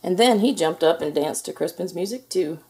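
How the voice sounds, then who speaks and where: A woman reading a children's picture book aloud in a gentle, expressive storytelling manner. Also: lowish voice, moderate pace. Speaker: storybook reader.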